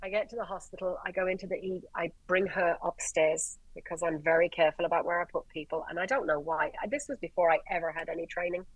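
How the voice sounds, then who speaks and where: An Irish woman, a paramedic guest, telling stories in a lively way, swearing and acting out the dialogue. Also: lowish voice, fast talker, few pauses, no room sound, dull audio. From Ireland. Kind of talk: animated storytelling in conversation.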